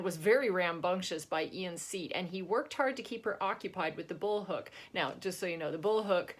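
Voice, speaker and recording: A woman author chatting casually about her book and reading from it. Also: lowish voice. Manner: chatty, laughs often, restarts.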